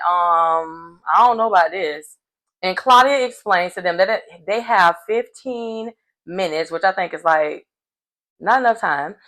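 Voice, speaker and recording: A woman gives a casual, animated, slangy recap of a reality show episode. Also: medium pitch, low-quality recording. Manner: animated, slangy, chatty storytelling. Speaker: recap host.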